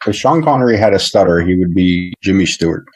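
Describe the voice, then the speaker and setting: A man co-hosts a casual podcast in a very low voice. He is laid-back and mostly answers with short replies. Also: animated, fast talker, breathy edge, dry recording, rough recording. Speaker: podcast co-host. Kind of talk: casual chat.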